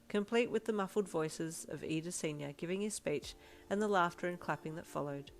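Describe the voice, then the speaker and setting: A woman with a somewhat low voice reads a fan fiction story aloud, her delivery steady and measured. Soft music plays faintly underneath her. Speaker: fanfiction reader. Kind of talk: audiobook reading of second-person fan fiction.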